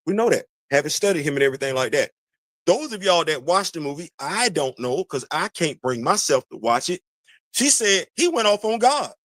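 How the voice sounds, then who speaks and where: High-pitched guy ranting on his show, aave, repeats himself a lot, dry close mic. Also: fairly quick, no room sound. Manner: animated, preachy, repeats phrases, talks to chat. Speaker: podcast host. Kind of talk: casual commentary monologue.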